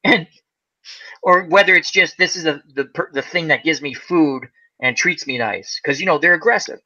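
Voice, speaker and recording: In a laid-back fireside conversation, the host tells an extended tale with lots of energy, mimicking the people involved and breaking into frequent laughter. He speaks at a normal speed in a slightly high voice, captured on muffled, lo-fi audio.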